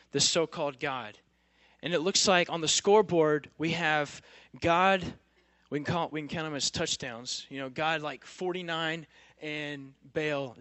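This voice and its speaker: A young man delivers a sermon in a casual, emphatic style, pressing his listeners with rhetorical questions. His voice sits a little high for a man, and the sound is close and dry with no room echo. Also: measured pace, a bit bright. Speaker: campus preacher.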